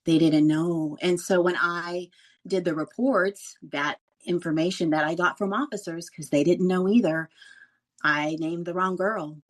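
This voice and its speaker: A woman's voice: on the low side, measured pace. A middle-aged woman, a former radio news reporter, telling stories in a casual interview and laughing often. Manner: animated storyteller who laughs often.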